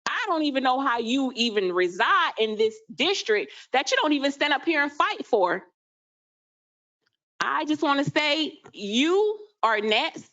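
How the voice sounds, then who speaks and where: Angry woman calling out an official at the podium, high voice, dull meeting mic. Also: very animated, a little slow, a bit bright. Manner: accusing, confrontational. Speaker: public commenter. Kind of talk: impassioned public comment. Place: city council chamber.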